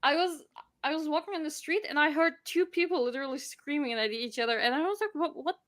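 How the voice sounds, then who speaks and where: A woman chats casually as a stream guest, hesitant and giggly. Her voice is high and bright. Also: fast talker. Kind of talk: casual chat.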